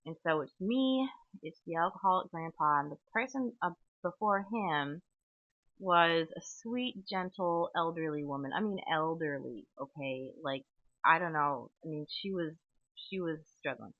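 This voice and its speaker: Low-voiced rambling woman, tinny dry audio. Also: expressive, moderate pace, dry recording. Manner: tangential, chatty, frequent "okay?" and fillers. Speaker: podcast host. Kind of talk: rambling solo podcast monologue.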